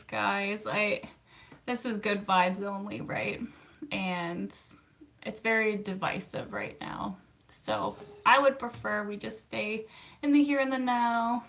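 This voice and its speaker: A woman in her thirties with a Canadian accent chats with her viewers in a giggly, relaxed way. Her voice sits a little high and carries a gravelly fry. She talks at an unhurried, easygoing pace. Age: 30s. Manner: giggly and chatty, with frequent fillers. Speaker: therapist. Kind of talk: casual live-stream chat answering viewer comments.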